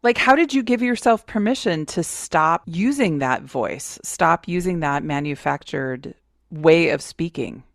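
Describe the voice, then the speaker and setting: A woman hosting a casual podcast chat, her voice gravelly with plenty of fry. She sounds playful and teasing, and the recording is dry and close. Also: low-pitched, expressive, measured pace, dry recording. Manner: playful, teasing, laughs often. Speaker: podcast host. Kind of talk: casual conversational interview.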